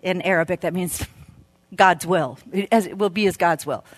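A middle-aged woman giving a sermon at a women's event, telling stories and moving into quiet prayer. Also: fairly low pitch, normal speed, no echo. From United States. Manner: earnest, storytelling, dropping to a soft hush in prayer. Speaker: speaker at a women's Christmas event. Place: event venue.

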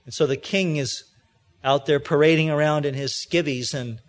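High-voiced male preacher. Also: fairly even intonation, normal speed. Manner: storytelling preacher, acts out quoted voices; conversational, with frequent restarts. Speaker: pastor. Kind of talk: sermon.

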